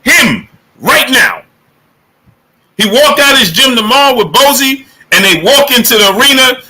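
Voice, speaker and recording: A man with a high-pitched voice hosts a live boxing talk stream, energetically greeting chat viewers by name and emphatically pressing them with the same question over and over. The recording is rough.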